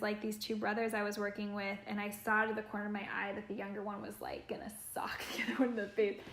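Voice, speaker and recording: A woman's voice: fairly high pitch, fairly bright tone. Earnest woman in an echoey room. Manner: earnest, reflective, says "like" often. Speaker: caregiver. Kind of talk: training talk.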